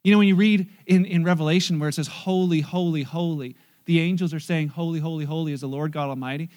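A man preaching a sermon in church, animated and joking, acting out scenes. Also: fairly high pitch, quick pace. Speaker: pastor.

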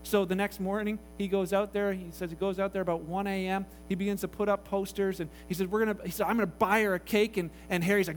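High-voiced man preaching a story. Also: fast, few pauses, low-quality recording. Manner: animated, acts out voices in the story. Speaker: pastor. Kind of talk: sermon storytelling.

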